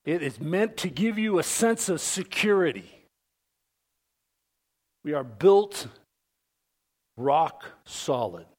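A high-pitched man preaching a sermon in a slow, deliberate cadence. He puts questions to his congregation and swings from ringing declarations down to near-whispers for emphasis. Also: darkish tone. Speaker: pastor.

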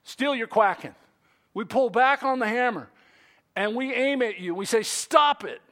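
A man preaching a sermon in an animated, playful way, acting out quotes and little scenes to make his point. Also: very high voice, moderate pace.

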